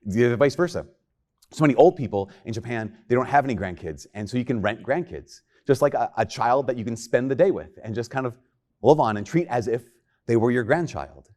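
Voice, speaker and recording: A priest giving a homily in a conversational, joking way, often acting out quoted lines. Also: male voice, medium pitch, animated, fairly quick, darkish tone.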